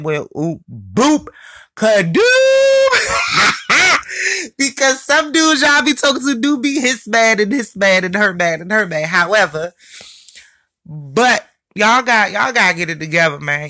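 A young woman talks straight at her listeners in a casual rant, cursing freely and mocking anyone she thinks is fooling themselves. Her voice is bright and sharp, and she holds a steady middle pitch. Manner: blunt, profane, mocking.

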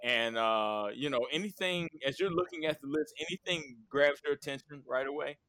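A man hosting a podcast, talking in an animated, rambling way in casual chat. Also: fairly high pitch, moderate pace, no echo, studio quality. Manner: animated, rambling, lots of fillers and laughs. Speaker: podcast host.

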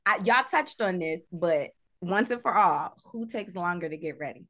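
A woman's voice: lowish voice, animated, normal speed, fairly bright tone. A woman co-hosting an interview, asking questions and tossing in playful quips. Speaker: host. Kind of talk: casual interview chat.

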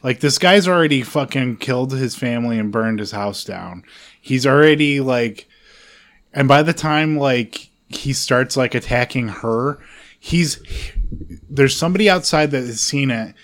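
A man of average pitch talks casually on a podcast, piling profanity into rambling rants. His sentences restart and spill over each other with constant fillers as he gets worked up about a movie. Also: lively intonation, measured pace.

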